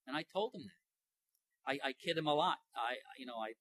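Older male pastor, folksy sermon delivery, bright tense tone, dry close sound. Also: mid-range voice, lively intonation, moderate pace, dry recording. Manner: conversational, folksy, with many restarts.

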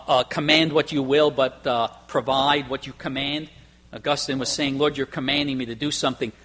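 A man's voice: a little high, fairly bright tone, husky. A man preaching a sermon to his congregation in an emphatic, conversational way, asking rhetorical questions. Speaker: pastor.

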